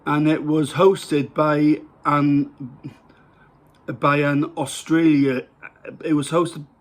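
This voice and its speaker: A man with a Welsh accent and a slightly high, level voice speaks slowly to camera in a casual food vlog about what he's eating at home. He's hesitant and rambling, uses many fillers, and is self-mocking.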